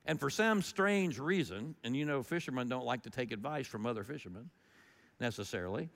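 A man's voice: medium pitch, fairly quick, creaky. Man preaching in an echoing hall. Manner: conversational, animated storytelling with shifts in loudness. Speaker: pastor. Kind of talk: sermon.

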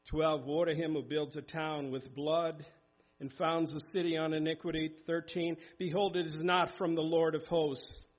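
A man's voice: on the high side, flat delivery, moderate pace. A man preaching a sermon in a church, exhorting his hearers and reading scripture aloud with emphasis. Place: church sanctuary. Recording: dull lo-fi sound.

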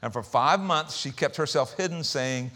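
A man preaching a sermon in a conversational, humorous way, with quick asides and repeated words. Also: medium pitch, bright, forceful tone, big-room sound. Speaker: pastor.

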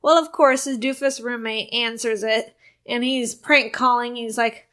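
A woman with a slightly high voice, chatting casually as a podcast co-host. She talks with eager enthusiasm, walking through a comedy sketch bit by bit. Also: fairly even intonation, measured pace, fairly bright tone. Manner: enthusiastic, retells sketches with acted quotes. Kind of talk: casual chat.

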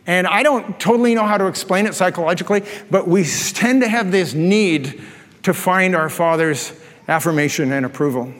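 Male pastor, high voice, lively anecdotal sermon, long church-hall reverb. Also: moderate pace. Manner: animated storyteller, laughs at his own jokes.

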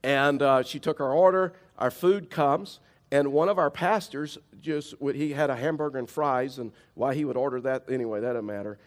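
A man delivering a sermon at an ordinary middle pitch. He preaches like he is chatting, plain-spoken and conversational, with stories woven into the message. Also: normal speed. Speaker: pastor.

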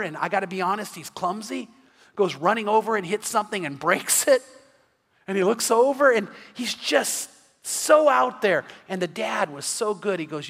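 A man's voice: high voice, animated, normal speed, vocal fry, a bit bright, big-room sound. A middle-aged man preaching an evening sermon as pastor, earnest and often repeating words as he starts a phrase.

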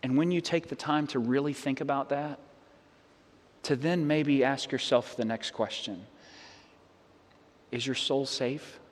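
A man's voice: medium pitch, unhurried, pauses often. A man preaching a sermon as pastor, earnest and conversational, with rhetorical questions and frequent restarts. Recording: long hall reverb.

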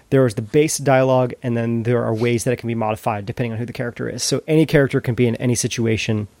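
Man, casual podcast co-host, mid-pitched, dry close sound, enthusiastic, stop-start phrasing. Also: creaky, a little mellow, no echo. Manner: enthusiastic, halting with many restarts. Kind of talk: casual chat.

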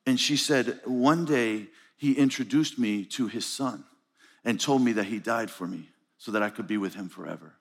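A man's voice: fairly low pitch, moderate pace, slightly rough. A man preaching at a conference, telling stories and acting out the dialogue in them. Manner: animated storytelling, acts out dialogue. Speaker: pastor. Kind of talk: conference sermon. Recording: live hall with long reverb.

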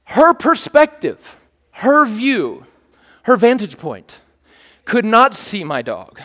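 Speaking at a slow pace, a pastor with a high, bright voice tells an animated story during his sermon, joking and checking in with the congregation. His words ring out through the church hall with a long reverb.

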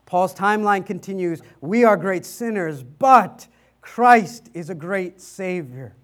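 High-voiced man preaching a sermon. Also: expressive, slow, a bit bright. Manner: rhetorical, repeats points with "right?"; dramatic reading of scripture and quotes. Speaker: pastor.

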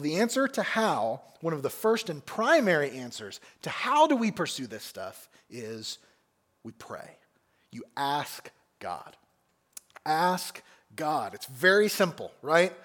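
A man preaching a sermon with a lively, rising and falling delivery, his voice sitting a little higher than most men's. He presses his congregation with question after question. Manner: animated, asks the congregation many questions. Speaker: pastor. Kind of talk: expository sermon. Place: church sanctuary.

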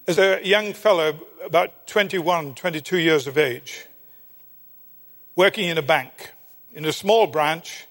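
An older man preaching, telling a personal story in an earnest sermon style that sinks to a hushed tone at tense moments. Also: high voice. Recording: long hall reverb.

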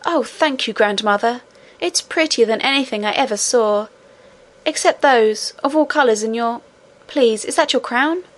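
A woman's voice: fairly high pitch, moderate pace, close to an everyday voice. A woman reading aloud voices an eager, polite little princess girl who asks questions in a wondering, breathless way. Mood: delighted.

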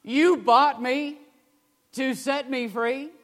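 A man's voice: extremely high pitch, steady tone, slow pace, pitched above the performer's own voice. A preacher voicing a tearful young girl. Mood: disbelieving. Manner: pleading, repeated cries. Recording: long hall reverb.

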